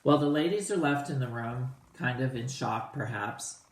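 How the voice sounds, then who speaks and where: Man, teacher, casual and animated, mid-pitched voice, echoey room. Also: moderate pace, slight background noise. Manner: casual, animated, retells lines in plain slang. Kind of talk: explaining a play to students.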